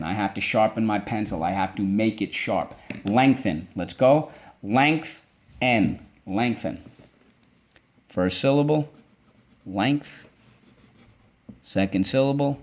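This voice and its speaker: A man with a low voice leads a children's spelling lesson, sounding words out slowly syllable by syllable. He coaxes the class along between drills. The recording is dull and lo-fi. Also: darkish tone. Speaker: teacher.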